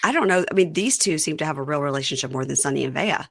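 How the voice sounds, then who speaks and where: A woman with a low but bright voice chats as a podcast guest, mostly agreeing in short replies and adding dry asides. The sound is dry and close. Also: expressive, very fast, slightly rough, no room sound. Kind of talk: casual recap chat.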